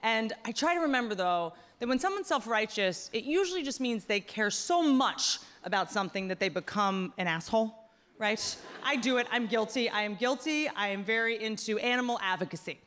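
Woman doing animated stand-up in a big hall. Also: a little high, fairly quick. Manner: animated, self-deprecating storytelling. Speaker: stand-up comedian. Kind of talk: stand-up comedy set. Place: large theater stage with audience. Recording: long hall reverb, faint room ambience.

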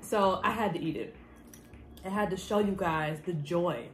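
A woman vlogging as she tastes her own cooking, animated and quick to laugh, with casual swearing and a Black way of talking. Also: fairly low pitch, soft background music. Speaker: food vlogger. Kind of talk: casual cooking vlog chat.

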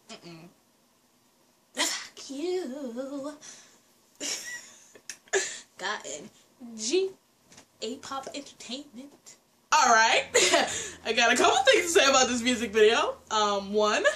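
A woman's voice: mid-range voice, a bit bright. A woman giving casual reaction commentary on a music video, chatty and exclaiming, often breaking into laughter. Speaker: reaction vlogger. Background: music video song playing.

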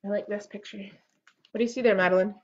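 A woman reading a picture book aloud to a child at a library story time, gently and encouragingly, with little gasps at the pictures. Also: mid-range voice, fairly even intonation, a little fast, lo-fi sound.

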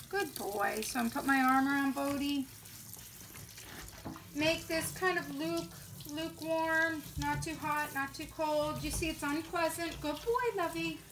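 A middle-aged woman dog trainer with a high, bright voice walks through a grooming demonstration at an indoor sink. She keeps her tone calm and reassuring, and a faint room hiss sits behind her. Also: creaky. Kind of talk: how-to demonstration.

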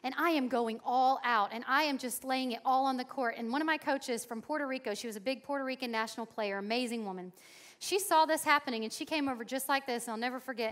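A young adult woman from Florida preaching a sermon at a conference, telling stories with sudden loud emphasis. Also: a little high. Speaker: conference speaker. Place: conference hall.

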